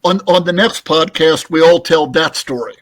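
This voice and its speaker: A man's voice: on the high side, moderate pace, dry recording. A man co-hosting a podcast, talking in an easygoing, wry way in a casual chat. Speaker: podcast co-host.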